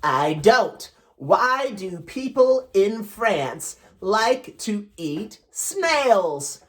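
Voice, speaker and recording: A woman voicing a bookish worm puppet on a children's show, talking in a slow, drawling, deadpan way. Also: medium pitch, heavily acted. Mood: unimpressed.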